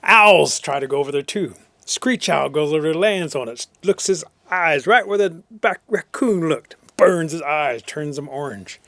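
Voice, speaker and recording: Slow, rhythmic male storyteller. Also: a little high, fairly bright tone, no room sound. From Cherokee Nation, Oklahoma. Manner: rhythmic, slows for emphasis. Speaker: traditional storyteller. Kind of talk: oral storytelling.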